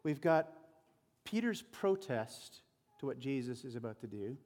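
A man's voice: mid-range voice, big pitch swings, unhurried, darkish tone, long reverb tail. A male pastor giving an informal, chatty sermon with conversational asides.

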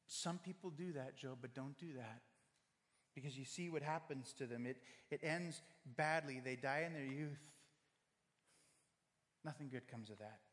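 A man's voice: fairly high pitch, a bit bright. A man preaching a sermon, earnest and direct, speaking to one listener at a time and acting out quoted voices. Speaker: pastor. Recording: long hall reverb.

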